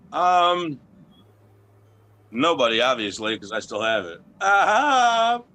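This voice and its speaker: A man's voice: mid-range voice, expressive, slow, bright, forceful tone. A man being interviewed as a wrestling champion, talking in a brash, boastful, profane way and telling stories casually.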